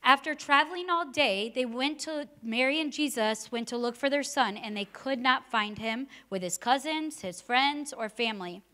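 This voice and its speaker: A woman delivers a sermon, reading scripture and then drifting into stories of her own kids. Her voice is bright and sits a little high. She talks in a casual, conversational way and keeps asking rhetorical questions. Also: moderate pace, few pauses. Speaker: preacher.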